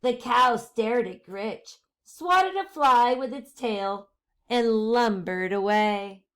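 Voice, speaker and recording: A woman teacher reading a picture book aloud to her class, animated and full of questions for the children, with hushed asides. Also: a little high, slow pace.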